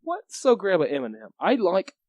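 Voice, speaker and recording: A man's voice: high-pitched, wildly swooping pitch, fairly quick, darkish tone, no echo. A young man co-hosting a casual podcast, trading dry, easygoing banter. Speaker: podcast co-host. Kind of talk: casual chat.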